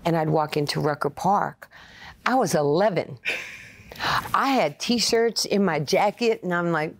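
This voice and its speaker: An older woman from Queens, telling stories as an interview guest, animated and full of fillers and quoted asides. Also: on the low side, normal speed. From Queens, New York. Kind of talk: casual interview storytelling.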